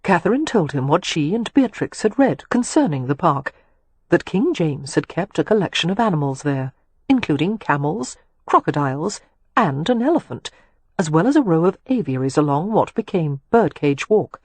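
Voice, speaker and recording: A woman reading a romance novel aloud in measured, even scripted narration. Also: low voice, husky, no echo. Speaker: audiobook narrator.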